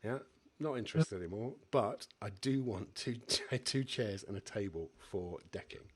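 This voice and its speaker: Low, husky male co-host. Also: unhurried. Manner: relaxed, laughs easily, stumbles on repeats. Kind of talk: casual business podcast chat.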